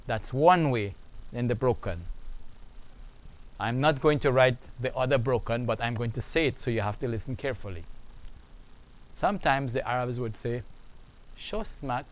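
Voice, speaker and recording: A man teaching a beginners' Arabic lesson, speaking slowly and repeating phrases for the learner to copy. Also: medium pitch, rough recording. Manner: slow, repetitive, drills phrases aloud. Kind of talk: online language lesson.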